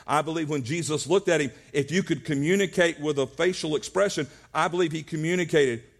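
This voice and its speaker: A man's voice: fairly high pitch, brisk, few pauses. A male pastor preaching a sermon at a church service, earnest, often restarting his words.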